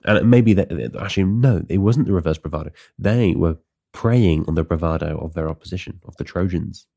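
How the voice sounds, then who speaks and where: A man's voice: low voice, a little fast, vocal fry, dark tone. A man talking casually and sardonically on his own podcast, rambling and swearing freely. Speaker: podcast host. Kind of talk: casual solo monologue.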